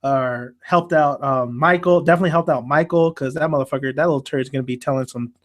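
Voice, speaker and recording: A man's voice: medium pitch, fast. A man hosting a casual podcast about an anime, talking animatedly and swearing a lot as he acts out the characters' lines. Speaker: podcast host.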